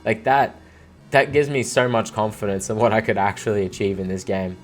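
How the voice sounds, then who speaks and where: A young man giving casual commentary on his own gameplay, rambling and excitable, full of "like" and "dude.". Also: on the low side, fairly quick. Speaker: let's play gamer.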